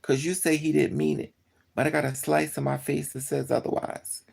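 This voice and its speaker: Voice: medium pitch, little pitch movement, normal speed, vocal fry, a little mellow, breathy edge. A livestreamer telling a personal story to live chat in a casual way, talking bluntly with swearing and often repeating and correcting themselves.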